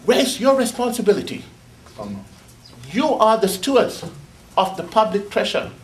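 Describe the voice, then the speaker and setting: A man's voice: sits high, animated, a little slow, a little hiss or hum. A man scolding a board during public comment, sarcastic and reproachful. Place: public meeting hall.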